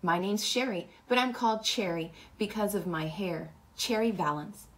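A woman voicing a pretty, cool-headed teenage girl cheerleader in a read-aloud, with a biting edge that softens. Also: mid-range voice, moderate pace, pitched above the performer's own voice, lightly acted.

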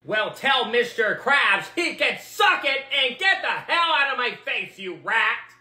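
A man's voice: very high-pitched, big pitch swings, measured pace, pushed and bright, roomy sound, heavily acted. A man voicing a sour, sarcastic male cartoon squid with a nasal, sneering delivery.

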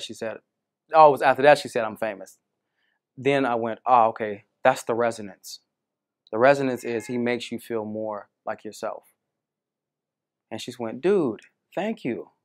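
A man's voice: mid-range voice, moderate pace. A man coaching a student on dating, telling stories and acting out both sides of conversations. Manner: animated storytelling, acts out quoted women.

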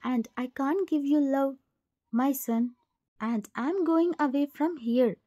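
Remorseful mother in middle age, read by a woman, gentle and sorrowful, mellow high tone. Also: slow pace. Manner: soft, apologetic.

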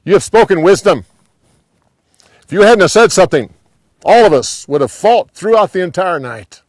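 A man voicing a commanding male army captain who calls back quickly and loudly. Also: sits high, expressive, no room sound, voice pushed up. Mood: approving. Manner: quick, loud calling out.

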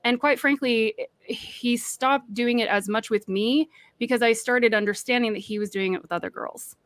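A woman tells her own story with earnest feeling and briefly acts out the people she quotes. Her voice sits fairly high. The sound is close and dry, with no room echo. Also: normal speed, a bit bright. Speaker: guest. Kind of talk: recounting a personal story on a livestream panel.

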